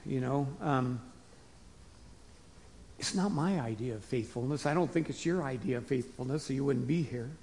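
A man preaching a conversational sermon to his congregation in a folksy way, rising to emphatic bursts and dropping to quiet asides. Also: on the high side. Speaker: pastor. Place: church sanctuary. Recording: long hall reverb.

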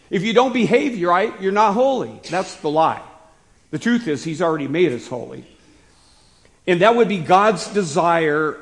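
A hoarse male pastor preaching in church, his voice sitting a little high. He keeps checking in with the listeners with quick questions and stops now and then to cough. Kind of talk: sermon.

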